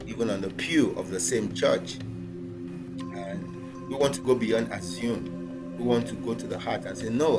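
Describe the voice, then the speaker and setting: A man hosting a ministry talk, preaching in an animated way and acting out the voices he quotes. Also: lowish voice. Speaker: ministry host. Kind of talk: sermon-like conversation.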